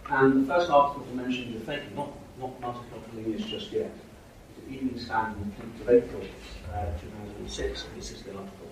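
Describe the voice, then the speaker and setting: Speaking fast in a steady, mid-range voice, this middle-aged man lectures on linguistics at a university, though he hesitates and restarts with many ums. A distant room mic captures him in an echoey lecture hall, with a little hiss or hum.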